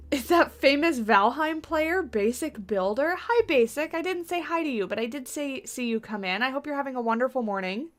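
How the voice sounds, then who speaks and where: A woman's voice: sits high, animated, normal speed, a bit bright. A woman livestreaming a game build at home, chatting loosely with her viewers and rambling as she works. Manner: chatty, rambling, talks to chat readers. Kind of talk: casual chat while building in a game. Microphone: USB desktop mic on boom arm.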